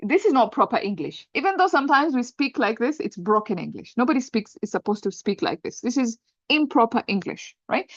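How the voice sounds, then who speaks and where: A woman's voice: a little high, big pitch swings, a little fast, husky, no echo, lo-fi sound. A woman teaching an Arabic grammar lesson, patiently explaining step by step and often checking with "right?". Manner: patient, repeats points, checks understanding with "right?".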